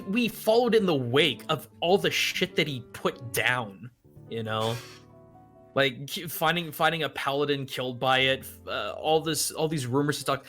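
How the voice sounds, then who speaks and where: Bright-voiced, rambling man. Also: mid-range voice, normal speed, soft background music. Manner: animated, rambling with restarts and swearing. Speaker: player and voice actor on a tabletop game show. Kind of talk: casual chat in a live question session.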